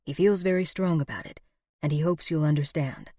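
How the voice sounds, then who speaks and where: A woman voicing a middle-aged man, a formal frontier lawyer, speaking in a measured, evasive way. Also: deep voice, mellow, no room sound, studio quality. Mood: cool. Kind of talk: audiobook character voice.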